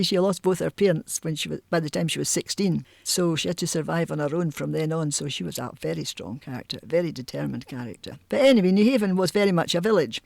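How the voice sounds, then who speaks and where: An older woman from Newhaven with a Scottish accent, telling stories from her life in a chatty, animated way and laughing often. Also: low-pitched, gravelly, no echo, clean studio sound. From Newhaven, Edinburgh, Scotland. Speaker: oral history interviewee. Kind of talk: reminiscing storytelling.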